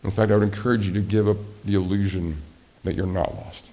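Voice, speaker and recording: A man's voice: fairly low pitch, steady tone, fairly quick, warm tone. A man preaching a sermon as pastor, speaking conversationally, asking the congregation questions and acting out quoted voices.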